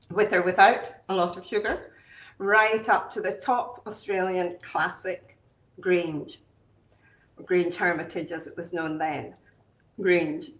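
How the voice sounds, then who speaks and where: A woman's voice: lowish voice, reverberant, poor audio. A Scottish woman, a wine producer, telling her story in a chatty, self-deprecating way on a video call. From Scotland. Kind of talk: online interview, storytelling.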